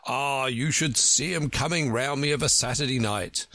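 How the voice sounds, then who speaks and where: A man reading a storybook aloud, voicing a pompous, scornful know-it-all who speaks in a lively, lilting way. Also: mid-range voice, moderate pace, no echo, pitched above the performer's own voice.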